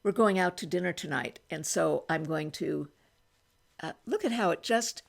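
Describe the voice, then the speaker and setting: An older woman in her eighties with a gravelly, creaky edge to her voice talks through a makeup try-on. She chats casually and thinks aloud, often starting a sentence over as she works. She is recording in a small room at home. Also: on the low side, animated, moderate pace. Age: 80s. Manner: chatty, thinks aloud, many restarts while applying makeup. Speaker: beauty vlogger.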